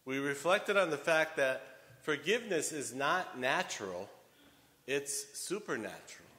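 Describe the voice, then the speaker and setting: A man preaching a sermon as homilist, telling a story in a deliberate way with wide swings in loudness. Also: on the high side, animated. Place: church. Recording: long church reverb.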